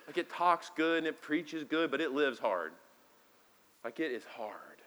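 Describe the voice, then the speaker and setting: A man preaching a sermon as pastor, talking conversationally and moving between quiet asides and loud, emphatic lines. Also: fairly high pitch, sing-song, unhurried. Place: church sanctuary.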